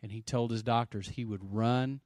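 A middle-aged pastor preaching an energetic sermon, swinging from loud bursts to hushed stretches and calling for amens. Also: male voice, mid-range voice, moderate pace, no room sound. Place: church sanctuary.

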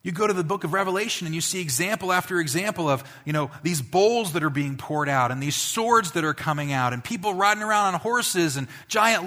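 A male pastor giving a conversational sermon, building to emphatic peaks and dropping to quiet asides. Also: high-pitched, expressive, a little fast, few pauses.

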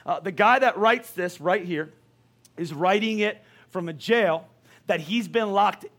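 A male pastor preaching a sermon in a lively, conversational way, full of questions to the congregation. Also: high voice, measured pace.

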